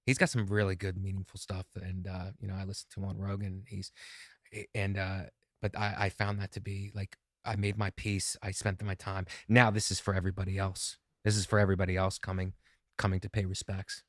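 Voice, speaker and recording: Halting, low-voiced comedian guest. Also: male voice, completely flat delivery, dry recording, studio quality. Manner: halting, repeats phrases when emotional. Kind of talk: casual chat.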